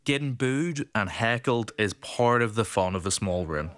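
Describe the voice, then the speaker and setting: A man with a Northern Irish accent giving calm, dry voice-over commentary on his own stand-up show. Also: fairly low pitch, moderate pace, slight background noise. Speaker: comedian.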